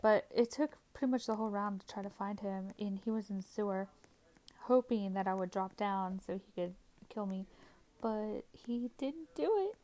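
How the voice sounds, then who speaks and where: A woman's voice: mid-range voice, normal speed, dark tone. A woman hosting a gaming channel, recapping her gameplay in a casual, rambling voice-over full of fillers and frequent giggles.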